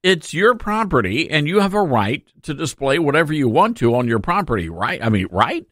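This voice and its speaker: A man's voice: a little high, sing-song, normal speed, fairly bright tone, no room sound, studio quality. A man hosting a talk radio show, sarcastic and opinionated, laughing through his asides.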